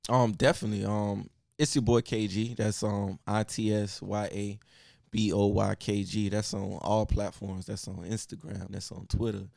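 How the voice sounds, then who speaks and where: A young man guesting on a podcast, relaxed and slangy, with many fillers. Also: fairly low pitch, normal speed, vocal fry, no room sound, studio quality. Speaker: rapper guest. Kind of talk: casual chat.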